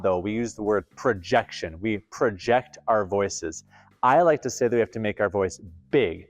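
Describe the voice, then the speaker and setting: A man with a mid-range voice leads a theater camp lesson, explaining acting technique through clear, deliberate scripted narration.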